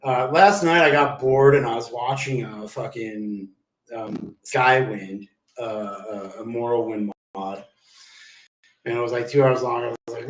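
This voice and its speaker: A man's voice: mid-range voice, fairly even intonation, measured pace, a little hiss or hum. A man livestreaming, telling rambling stories in a casual, profane, slangy way and saying "dude" a lot. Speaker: live streamer. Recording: roomy, distant mic.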